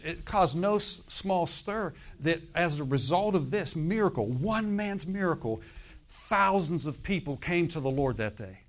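A man's voice: on the high side, animated, measured pace. A middle-aged man preaching a sermon in a conversational way, often checking in with "okay?" and "amen?". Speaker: pastor.

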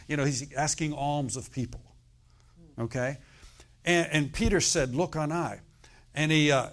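A middle-aged man delivers a sermon in a loose, conversational style. He keeps checking in with his listeners, tossing out "okay?" and "amen?" between points, and his voice sits at an ordinary middle pitch for a man. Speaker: pastor.

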